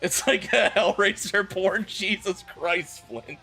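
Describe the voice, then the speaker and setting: A man's voice: high voice, takes it slowly, pushed and bright, slightly rough. A man streaming a comedic dramatic reading, with sarcastic, swearing, laughing asides. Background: faint rock music.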